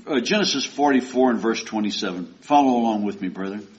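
A man preaches to his congregation, retelling a story in a loose, folksy, conversational way. His voice sits at an ordinary middle pitch. The recording is dull and lo-fi. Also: quick pace. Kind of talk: sermon.

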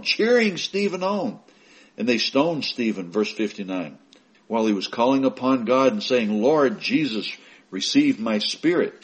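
A man preaching a sermon, emphatic, swinging from loud raised stresses to quiet asides, reading scripture in slow weighty bursts. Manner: emphatic, rising to stress key words and dropping low for asides.

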